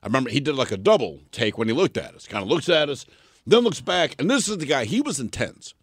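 Lively, animated man telling a story. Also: quick pace, slightly rough, no echo, clean studio sound. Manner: animated, acts out quoted people with big pitch jumps. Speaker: podcast co-host. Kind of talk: casual storytelling chat.

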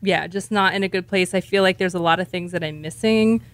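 A woman's voice: lowish voice, fairly quick, dry recording. A woman chatting casually on a podcast segment, candid and rambling, frank about her own habits. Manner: candid, self-deprecating, rambling. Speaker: segment co-host. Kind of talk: casual chat.

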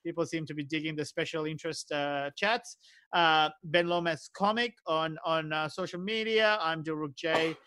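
A man with a high, bright voice hosts a relaxed podcast chat. He laughs a lot, swears casually and fills his sentences with ums and uhs. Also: normal speed, clean tone, dry recording. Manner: laughs often, swears casually, many fillers. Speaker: podcast co-host.

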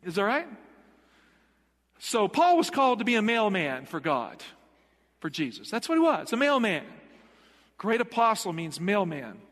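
A man's voice: high-pitched, big pitch swings, measured pace, pauses often, fairly bright tone. A middle-aged male pastor preaching a sermon in a church, emphatic and putting rhetorical questions to the congregation. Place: church sanctuary. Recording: long hall reverb.

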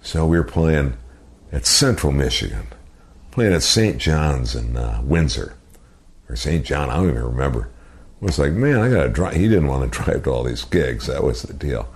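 A man's voice: a bass voice, animated, normal speed. An older man, a radio personality, telling rambling anecdotes in a casual interview and slipping into impressions of other people.

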